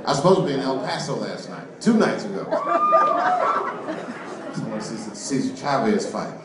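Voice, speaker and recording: A male stand-up comedian tells profane stories onstage with a lively, swooping delivery. He is recorded from some distance in an echoey club. Loud crowd noise fills the background. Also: medium pitch, brisk. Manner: profane, animated storytelling.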